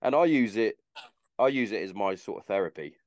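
A man's voice: on the low side, animated, fairly quick, a little mellow, no room sound, dull audio. A man hosting a podcast, chatting casually in a rambling way and swearing freely. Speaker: podcast host. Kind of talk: casual chat.

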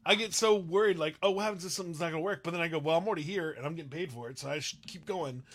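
A man's voice: a little high, racing, a bit bright. A man co-hosting a casual live-stream chat, candid and self-deprecating, laughing often as he talks. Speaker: co-host and beatboxer.

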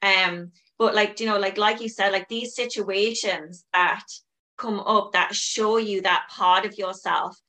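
A woman's voice: medium pitch, fairly even intonation, unhurried, sharp tone. A woman hosting a casual chat, rambling and filling her talk with "like" and "you know".

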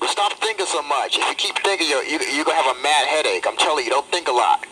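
A man's voice: fairly high pitch, expressive, fast, bright, forceful tone. A man in his thirties hosting a casual phone chatline show, rambling loosely and repeating himself with stumbles. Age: 30s. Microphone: telephone. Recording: noisy phone line.

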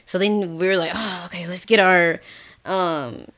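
A woman's voice: lowish voice, a little slow. A young woman who teaches English abroad, chatting casually on a podcast and acting out the people she quotes. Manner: animated storyteller, acts out quoted voices.

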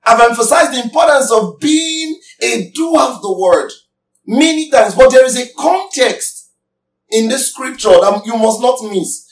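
A man's voice: very high voice, expressive, unhurried, recorded from a distance. A man preaching a sermon emphatically, asking his congregation questions as he teaches. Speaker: pastor. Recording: echoey room, voice from off mic.

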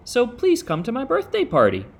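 A man's voice: very high voice, moderate pace, gravelly, slightly rough, pitched above the performer's own voice, exaggerated voice. A man voicing a curious, eager young boy rabbit in a storybook. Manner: questioning, lively.

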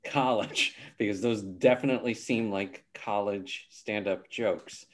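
A man's voice: fairly low pitch, unhurried. A man hosting a casual game show over a video call, thinking aloud and hesitating often.

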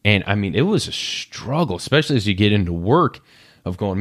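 Guy in his 30s talking through his own struggles, kinda low voice, super dry close sound. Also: big pitch swings, brisk, fairly bright tone, dry recording. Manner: candid, self-searching, acts out inner voices. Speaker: podcast host. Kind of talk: personal reflective monologue.

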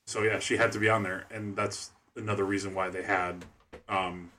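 A man co-hosting a casual podcast chat, explaining points in a measured way. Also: deep voice, little pitch movement, sharp tone, a little hiss or hum.

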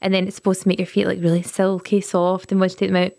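A Scottish woman co-hosting a podcast, telling stories in an animated, chatty way. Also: on the low side, fast talker, creaky. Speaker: podcast co-host. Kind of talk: casual chat.

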